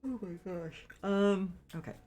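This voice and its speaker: While playing a game, a congested, sniffly middle-aged woman talks casually with her stream viewers. She is apologetic and rambling, with many fillers. Her medium-pitched voice is warm and a little slow, and faint music plays in the background.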